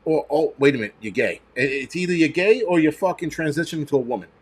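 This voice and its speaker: A man's voice: on the high side, lively intonation, fast, slightly rough. A man, ranting and swearing loosely on a casual livestream. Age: 40s. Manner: profane, ranting, mocking. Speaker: livestream host.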